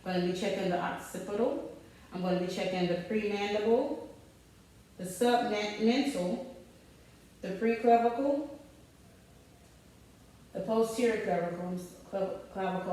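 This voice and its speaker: A woman speaks at a middling pitch as she steps through a clinical exam and calmly reads out each finding. She gives short, polite instructions to the patient. Her voice bounces around a very echoey room and is picked up from a distance. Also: measured pace, pauses often. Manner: methodical, calm, narrating findings aloud while instructing the patient. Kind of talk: narrated physical assessment demonstration.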